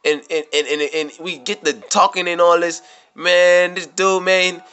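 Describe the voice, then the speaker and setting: Profane rambling man with bright voice. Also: high-pitched, level tone, measured pace, clean tone, faint music behind. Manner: rambling, profane, repeats himself, gets worked up. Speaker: vlogger. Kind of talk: casual storytelling monologue. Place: New York City.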